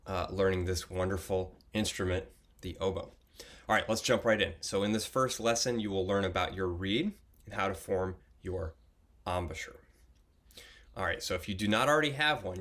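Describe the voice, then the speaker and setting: A young man teaching a beginner oboe lesson, patient and encouraging, often pausing with fillers and restarting his sentences. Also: deep voice, a bit bright. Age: young adult. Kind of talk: instructional video lesson.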